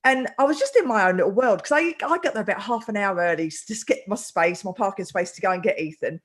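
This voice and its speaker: A woman's voice: medium pitch, fast. A woman hosting a casual chat, telling a story animatedly and acting out the voices in it. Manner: animated storyteller, acts out quotes. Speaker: host.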